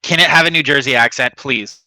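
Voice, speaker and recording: A man's voice: medium pitch, a little fast, sharp tone, no echo, rough recording. A man player joking and pleading with the game master in a teasing way.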